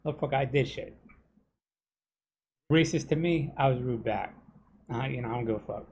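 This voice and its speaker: A man on a game stream, venting in a heated, profane rant. His voice sits at an ordinary middle pitch, and he keeps asking whether you know what he's saying. A faint hum of noise sits behind him. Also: moderate pace, darkish tone. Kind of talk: casual rant while streaming gameplay.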